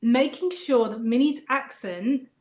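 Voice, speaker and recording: Slow-talking British woman, roomy sound. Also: fairly high pitch. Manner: thoughtful, laughs often, restarts sentences. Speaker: actress guest. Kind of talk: casual interview chat.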